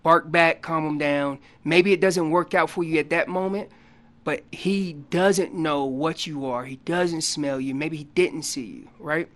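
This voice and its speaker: A man guest on a radio show explaining hunting calls in a casual, animated way, acting out what the animals are saying. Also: on the high side, measured pace. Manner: loose casual grammar. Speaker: elk calling champion guest. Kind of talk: instructional radio interview.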